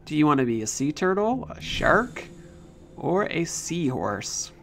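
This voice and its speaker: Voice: medium pitch, very animated, unhurried, gravelly. A gamer playfully commenting on a puzzle game while playing, chatting to the characters on screen. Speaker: let's play gamer. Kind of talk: casual gameplay commentary. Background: faint game music.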